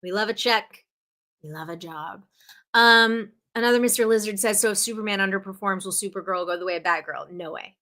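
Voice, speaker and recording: Bright-voiced woman livestream host. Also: mid-range voice, brisk. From New Jersey. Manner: chatty, animated storytelling with playful indignation. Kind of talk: casual chat.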